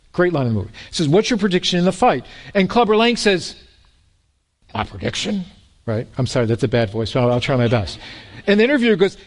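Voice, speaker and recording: A man preaching a sermon in a lively way, with joking asides and repeated words. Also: sits high. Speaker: pastor.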